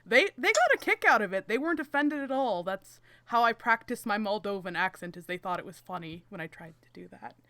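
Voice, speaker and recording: Bright young woman telling chatty stories. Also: mid-range voice, expressive, brisk, hardly any pauses, no room sound. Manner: chatty, storytelling, laughs often. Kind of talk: casual chat.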